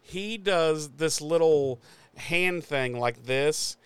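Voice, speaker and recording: A man's voice: on the high side, very slow, clean tone, no echo. A man co-hosting a podcast, chatting casually about a TV episode with lots of swearing and laughter, acting out characters' lines. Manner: profane, laughing, acts out lines from the show. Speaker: podcast co-host. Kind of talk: casual chat recapping a TV episode.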